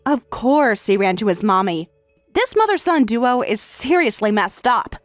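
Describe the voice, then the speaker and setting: A woman's voice: a little high, animated, measured pace, no room sound, soft background music. A synthetic woman's voice reading a tired young wife who answers back firmly and pointedly. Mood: defiant. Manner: firm, pointed replies. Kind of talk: text-to-speech story reading.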